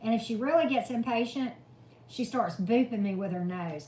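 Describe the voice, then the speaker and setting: A woman's voice: on the high side, moderate pace, dark tone, a little hiss or hum. A woman hosting a casual tarot live stream, chatting with viewers and coaxing her dog with sing-song calls. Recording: roomy echo.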